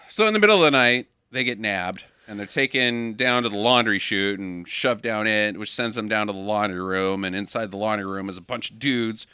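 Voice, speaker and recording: A man's voice: on the low side, normal speed, pushed and bright, clean tone, no echo. A man co-hosting a casual movie podcast, recapping the plot with jokey asides. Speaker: podcast co-host. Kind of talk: casual movie-riff chat.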